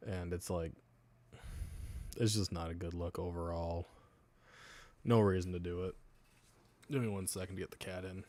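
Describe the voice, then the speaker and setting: A man's voice: sits low, steady tone, normal speed, long pauses, a little mellow. A man streamer chatting casually with his live chat, swearing now and then and laughing often. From United States.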